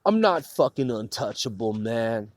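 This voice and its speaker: A man's voice: medium pitch, big pitch swings, measured pace, no echo. A man from the Puget Sound area ranting in a heated, profane, repetitive way into a phone. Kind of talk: angry rant to camera.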